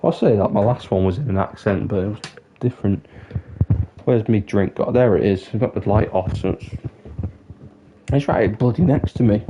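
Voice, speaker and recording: A man's voice: on the low side, moderate pace, pauses often, lo-fi sound, noisy background. A man chatting candidly on a livestream, rambling and swearing now and then. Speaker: live streamer. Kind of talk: casual livestream chat. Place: dark room with the light off. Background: music.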